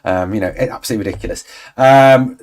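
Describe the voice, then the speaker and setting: A man's voice: lowish voice, fast, a little mellow. A man in his forties hosting a fan livestream, chatting casually and rambling through viewer comments with exasperated asides. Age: 40s. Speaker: fan channel host.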